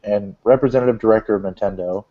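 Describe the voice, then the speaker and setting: A man's voice: lowish voice, quick pace. Rambling man on a lo-fi podcast. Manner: rambling, joking, many fillers. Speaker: podcast host reading gaming news. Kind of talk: casual podcast chat. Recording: dull lo-fi podcast audio.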